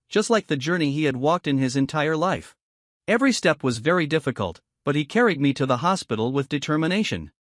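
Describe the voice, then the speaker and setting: A man's voice: fairly high pitch, no room sound, clean studio sound. A man telling a dramatic romance story in the first person as scripted narration.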